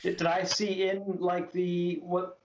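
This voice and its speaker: A man's voice: sits high, slight background noise, low-quality recording. A man playing a tabletop game, thinking aloud in casual chat. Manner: slow and lively, thinking aloud. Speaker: player.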